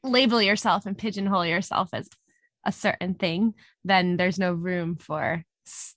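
A woman's voice: fairly low pitch, fairly bright tone, dry recording. Woman musing on a dry recording. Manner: thoughtful, laughs easily. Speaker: podcast co-host. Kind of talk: casual reflective conversation.

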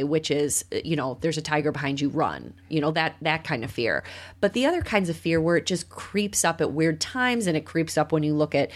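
A middle-aged woman co-hosting a podcast, chatting casually about parenting and telling stories with lively quoted voices. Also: low voice. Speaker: podcast co-host.

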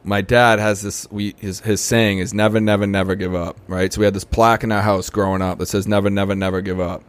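A man's voice: on the low side, little pitch movement, fast talker, clean tone. A young adult man, telling his recovery story in casual talk, full of "you know" and "right?". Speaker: podcast guest.

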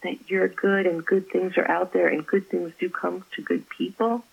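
A woman, an author, chatting as an interview guest and telling stories about her faith with effusive warmth. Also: on the low side, level tone, normal speed, creaky, husky, muffled recording. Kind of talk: casual interview chat.

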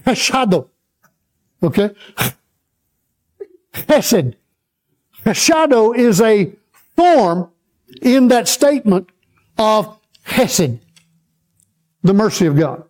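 A man preaching a sermon to a congregation, reading scripture slowly and having the listeners repeat verses back to him. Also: high-pitched, very animated, darkish tone.

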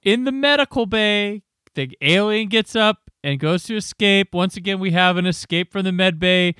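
A man's voice: high-pitched, normal speed, sharp tone, clear, resonant tone, no room sound, studio quality. A man co-hosting a podcast, recapping a TV episode in casual chat with wry, exasperated asides. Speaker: podcast co-host.

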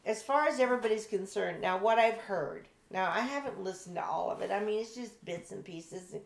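A woman's voice: mid-range voice, brisk, gravelly. A woman co-hosting a casual political chat, blunt and exasperated, rambling with restarts. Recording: echoey room.

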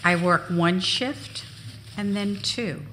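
A woman giving a live memoir reading on stage, expressive and unhurried. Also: lowish voice, a little hiss or hum. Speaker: storyteller. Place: on stage at a venue.

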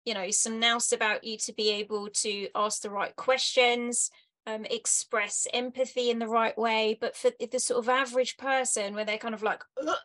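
A woman's voice: a little high, flat delivery, moderate pace, fairly bright tone. A woman hosting an interview, attentive and affirming, asking thoughtful questions. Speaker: podcast host.

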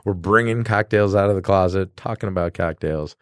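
A man's voice: deep voice, fairly quick, no room sound, studio quality. A man, a bartender co-hosting a casual podcast, chatting about cocktails and acting out customers as he tells stories. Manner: animated storyteller who acts out customers in quoted voices.

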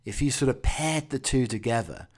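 A Scottish man hosts a podcast, rambling through a jokey, musing comic monologue that drifts between tangents. His mid-range voice is animated and moves at a moderate pace.

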